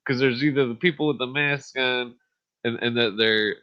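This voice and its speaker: A man's voice: mid-range voice, fairly even intonation, moderate pace. A man hosting a podcast, ranting in a rambling, profane monologue full of fillers and short laughs. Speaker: podcast host. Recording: dull lo-fi audio.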